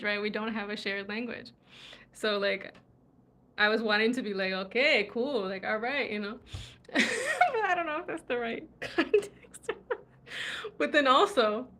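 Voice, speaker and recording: A woman from the USA chats on a livestream and reads viewer comments, laughing often and trailing off into murmurs. Her voice is bright and sits a little high, and she takes her time between phrases. She sounds tired from travel. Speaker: livestream host. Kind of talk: casual chat reading viewer comments. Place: indoors in Morocco.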